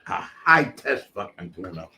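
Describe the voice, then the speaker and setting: A man's voice: low voice, sing-song, a little slow, sharp tone. An older man, a guest, telling street stories in a blunt, profane, streetwise way. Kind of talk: storytelling in a casual interview.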